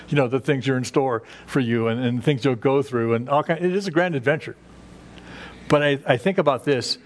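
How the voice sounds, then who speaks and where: Man, pastor, sermon, earnest, unscripted, medium pitch, rises for emphasis. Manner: earnest, builds emphasis with rising pitch on key phrases; unscripted, with fillers and restarts.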